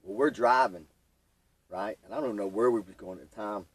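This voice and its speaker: Young guy, husky voice, animated storyteller, set back from the mic. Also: lowish voice, normal speed, dry recording, recorded from a distance, low-quality recording. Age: young adult. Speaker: podcast guest. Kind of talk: telling his recovery story.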